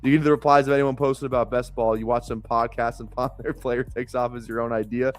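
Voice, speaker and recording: A man's voice: medium pitch, flat delivery, fast talker, natural voice. A man reading out a parody speech as a smug, mocking know-it-all in a bar, lecturing someone.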